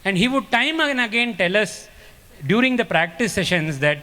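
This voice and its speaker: Guy giving a spiritual talk, earnest and emphatic, highish bright voice, big echoey hall. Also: lively intonation, moderate pace. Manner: earnest, emphatic, repeats phrases for stress. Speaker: speaker at a spiritual gathering. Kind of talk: spiritual discourse with storytelling. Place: large ashram hall. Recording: long hall reverb.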